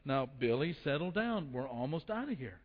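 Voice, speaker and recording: A man playing a calm, patient young father who talks quietly and soothingly. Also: high voice, moderate pace. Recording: echoey hall, dull lo-fi sound.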